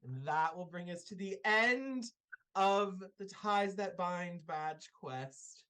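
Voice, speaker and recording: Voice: medium pitch, a bit bright. A game master narrating a live tabletop game and closing the show, speaking loosely with frequent fillers.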